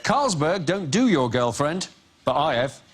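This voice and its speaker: A man delivering slow deadpan comedy one-liners on a panel show before a studio audience. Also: on the high side, a loud crowd. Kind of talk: improvised comedy. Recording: loud studio audience and noise.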